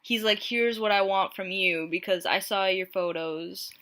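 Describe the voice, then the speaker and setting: Bright, playful woman reading dating messages. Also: mid-range voice, unhurried. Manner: playful, self-mocking, reads messages aloud. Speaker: YouTuber. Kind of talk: casual vlog commentary. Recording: home mic, plain audio quality.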